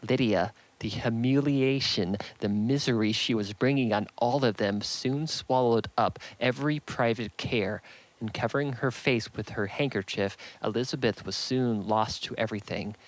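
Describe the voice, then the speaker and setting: A man reading a classic novel aloud in a steady, measured narration. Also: mid-range voice, rough recording. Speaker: audiobook reader.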